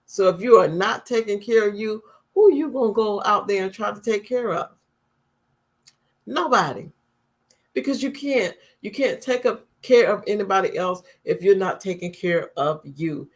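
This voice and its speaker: A woman's voice: mid-range voice, animated, moderate pace. A woman talk show host speaks straight to her audience about caring for yourself. She is earnest and drives each point home by repeating it in plain, everyday words. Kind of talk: motivational talk to viewers.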